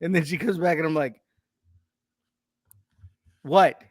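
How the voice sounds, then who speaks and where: A man with a fairly high voice co-hosts a casual podcast, recounting a wild story and breaking into laughter now and then. The sound is dry and close to the mic. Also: steady tone, fast, no room sound. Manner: laughs often, tells anecdotes with quoted dialogue. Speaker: podcast co-host. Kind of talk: casual chat, reading a story aloud.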